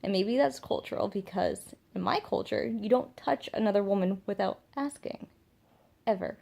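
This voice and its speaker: Earnest young mother with vocal fry. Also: medium pitch, normal speed, a little mellow. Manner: earnest, emphatic, repeats points for stress. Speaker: mother vlogging about parenting. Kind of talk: casual to-camera monologue.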